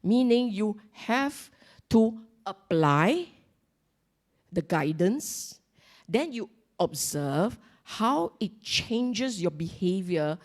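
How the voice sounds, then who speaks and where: A woman's voice: lowish voice, a little mellow. A middle-aged woman with a Singaporean accent giving a Buddhist Dhamma talk to a congregation, emphatic and repeating her key points while she asks the listeners questions.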